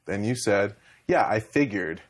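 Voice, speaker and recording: A man's voice: on the low side, expressive, a little slow, a crowd in the background. A young man and reality show contestant, rambling emotionally as he retells conversations in a heated talk.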